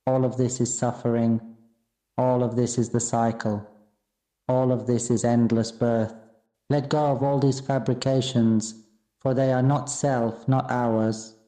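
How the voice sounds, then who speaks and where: Solemn deep-toned man preaching Dharma. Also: flat delivery, measured pace, warm tone. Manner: solemn, repetitive, addresses his own voice. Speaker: Buddhist teacher. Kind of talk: Dharma sermon. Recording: echoey room.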